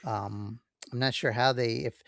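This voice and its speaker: Gravelly man on a dry mic. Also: medium pitch, a little slow, no echo. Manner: relaxed, rambling, many fillers and self-checks. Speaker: podcast co-host. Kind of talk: casual chat.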